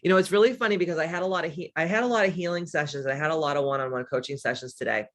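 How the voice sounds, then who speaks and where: A woman's voice: sits low, rapid-fire. A middle-aged woman with a smoky voice, hosting a casual livestream as a spiritual coach, reading viewer comments and talking candidly, with profanity and frequent laughter. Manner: candid and profane, laughs often, playful asides.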